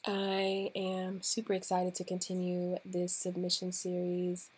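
A woman hosting a casual podcast, talking straight to her listeners in an encouraging, relaxed way, with plenty of "um"s and "like"s. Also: on the low side, measured pace, slightly rough. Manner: encouraging, speaks directly to listeners; relaxed, with fillers like "um" and "like". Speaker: podcast host and coach.

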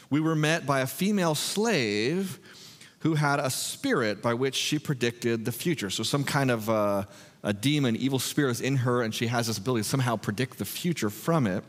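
Pastor in a reverberant hall. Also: male voice, medium pitch, brisk. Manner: conversational, animated retelling with filler words. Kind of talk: expository sermon.

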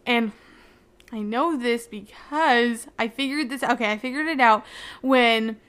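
A young woman casually recapping a book, talking excitedly and filling her sentences with "like" while she avoids spoilers. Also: on the high side, slow pace, pauses often, smooth. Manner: chatty, heavy use of "like" fillers. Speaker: book reviewer.

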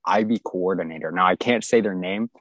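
A young man telling an exaggerated comic story from high school in a casual chat. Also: brisk, a bit bright, dry recording.

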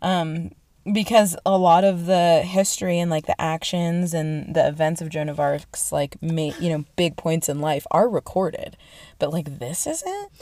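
A woman's voice: low-pitched, a little slow, mellow, no room sound. A woman podcast host telling a story in casual, slangy and profane chat. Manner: slangy, profane, lots of fillers.

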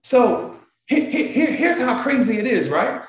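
A man's voice: very high-pitched, big pitch swings, unhurried. A man hosting a morning show, giving an emotional motivational talk to a live audience and repeating phrases for emphasis. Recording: very echoey room.

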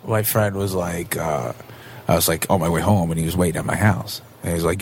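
A man in his twenties, a comedian guest in casual podcast chat, telling animated stories and acting out quotes. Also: low voice, brisk, gravelly, slight background noise. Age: 20s.

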